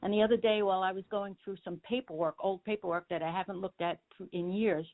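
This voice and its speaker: A woman's voice: mid-range voice, steady tone, quick pace. A woman from Long Island calling in to a show, sharing an earnest, emotional story. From Long Island, USA. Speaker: caller. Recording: tinny phone line.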